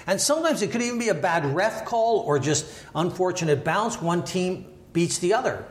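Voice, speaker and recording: A man's voice: high-pitched, lively intonation, normal speed. An older man from Canada, a former Olympic wrestler, talking through his views in an interview with thoughtful hedging and many restarts and asides. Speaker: podcast guest, former Olympic wrestler and sports lawyer. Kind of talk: reflective interview talk. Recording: roomy echoey room.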